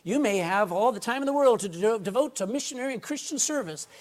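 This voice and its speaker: A man's voice: high-pitched, lively intonation, fast talker. A man preaching a sermon to a congregation, folksy and emphatic, often calling for an amen. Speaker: pastor. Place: indoor room with a congregation.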